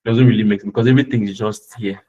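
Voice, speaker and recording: A man's voice: lowish voice, fairly even intonation, rapid-fire, mellow, dull audio. A man teaching a live web design class, patiently repeating points and often checking that his students are following. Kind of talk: live screen-share tutorial.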